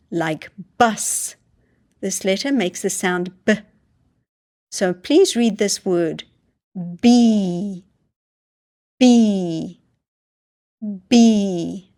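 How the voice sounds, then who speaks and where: A woman teaching English phonics to learners, sounding out each word slowly and repeating it. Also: medium pitch. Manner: slow, deliberate, sounding out words with repetition. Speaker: reading teacher.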